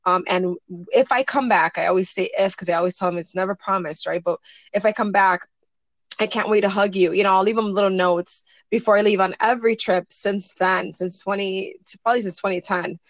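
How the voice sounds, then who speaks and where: A woman in her forties, interviewed as a guest in casual conversation, earnestly narrates something personal, acting out other people's words. She has a mid-range, steady-toned voice, speaks a little fast, and there's no room sound.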